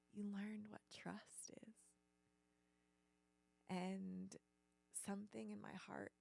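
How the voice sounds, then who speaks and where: A woman hosting a business channel, telling a personal story in an earnest, halting way with lots of fillers. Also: fairly low pitch, gravelly, a little mellow.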